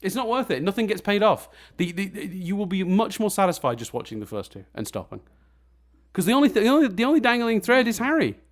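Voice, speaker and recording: Animated, laughing male podcast co-host. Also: high voice, fast. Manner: animated, swears, laughs often. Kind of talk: casual film review chat.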